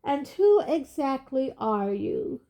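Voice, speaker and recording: A woman's voice: a little high, unhurried, voice pushed up, close to an everyday voice. A woman reading aloud, voicing a pompous, impatient man of power who speaks loftily and snaps. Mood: lofty. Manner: lofty, snappish, loud. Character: pompous plump male minister, impatient.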